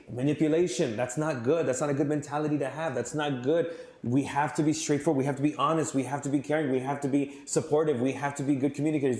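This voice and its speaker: Young male youth pastor, fast earnest sermon, mellow tone, echoey hall. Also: medium pitch. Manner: earnest, repetitive, conversational with many fillers. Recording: roomy hall echo.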